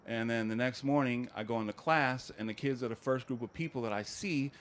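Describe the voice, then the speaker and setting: A man doing stand-up comedy in a loose, conversational, deadpan delivery, his voice sitting at an ordinary middle pitch. A faint hiss of noise hangs under him in the recording. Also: a little fast. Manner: conversational, deadpan storytelling with acted quotes.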